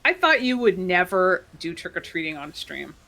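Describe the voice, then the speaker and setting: A woman teasing the streamer with short, quick quips. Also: on the low side, big pitch swings, gravelly, pushed and bright.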